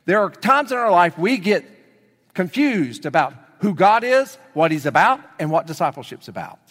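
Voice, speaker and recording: Pastor guy preaching, kinda high voice, big hall echo, gets loud then goes real quiet. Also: moderate pace. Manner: animated storytelling, swings between loud excitement and hushed emphasis. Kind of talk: sermon. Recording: long reverb of a large hall.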